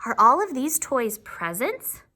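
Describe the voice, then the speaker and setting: A woman's voice: sits high, sing-song, unhurried, sharp tone, full character voice. A woman voicing a kind, friendly little toy lamb in a storybook read-aloud. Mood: curious. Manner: friendly and reassuring.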